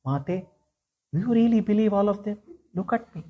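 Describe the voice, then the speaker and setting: A man's voice: sits high, expressive, moderate pace, highs cut off. Innocent little boy pleading, as a man puts him on.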